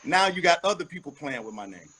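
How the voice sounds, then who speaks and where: A man's voice: fairly high pitch, sing-song, fast talker, bright, forceful tone, slight background noise, poor audio. A man giving an interview as a rapper, talking bluntly and emphatically, with frequent profanity. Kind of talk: candid interview talk.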